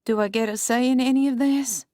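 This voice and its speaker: A bewildered young heroine, voiced by a woman, startled and full of questions. Her voice sits high. The read is dry and close, as in an audiobook booth. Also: steady tone, a little fast, darkish tone, dry recording, natural voice. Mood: incredulous. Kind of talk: audiobook character voice.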